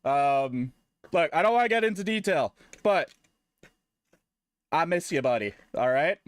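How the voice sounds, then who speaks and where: A man with a high voice swings widely up and down as he jokes with chat on a live stream. He swears freely, rambles and sometimes flares into loud mock rants. The sound is dry and close, with no room echo. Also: sing-song, a little slow.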